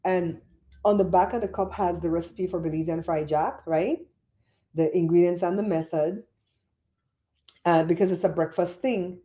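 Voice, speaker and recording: A woman's voice: fairly low pitch, moderate pace, pauses often. Chatty middle-aged woman livestream host. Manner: chatty, animated storyteller reading chat. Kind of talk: casual livestream chat.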